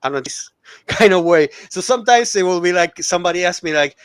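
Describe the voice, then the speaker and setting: Animated man with a Spanish-speaking accent. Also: sits high, moderate pace, pauses often, no room sound. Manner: animated anecdote telling, laughs. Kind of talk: casual chat.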